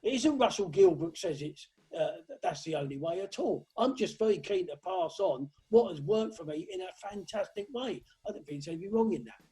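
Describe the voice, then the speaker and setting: Appearing as a guest drummer on a lockdown video call interview, a man gives blunt, forceful advice and sings drum patterns out loud. His high, dark-toned voice is animated and fairly quick, with few pauses.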